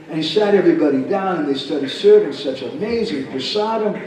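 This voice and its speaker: Devotional storyteller, male, acts out characters, dark tone, distant in a roomy hall. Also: fairly high pitch, animated, fairly quick, slight background noise. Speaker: speaker at a devotional camp. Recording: echoey hall, speaker far from mic.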